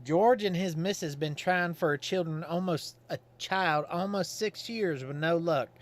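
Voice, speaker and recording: Folksy rural game character, read aloud by a man; homespun country dialect, storyteller's drawl, raised pitch. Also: measured pace, natural voice. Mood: folksy, chatty. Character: simple folksy rural man, old Godfrey.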